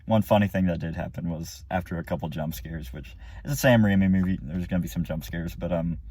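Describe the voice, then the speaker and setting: A man's voice: sits low, a little fast, dark tone, slightly rough, no room sound. A man giving a casual, rambling spoken movie review, full of fillers and restarts. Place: car or room after the movie.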